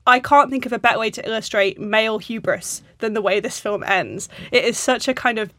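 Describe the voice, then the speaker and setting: A woman's voice: fairly high pitch, a little fast, fairly bright tone, no echo. A young woman co-hosting a film podcast, chatting casually and animatedly, laughing often and quoting lines in put-on voices.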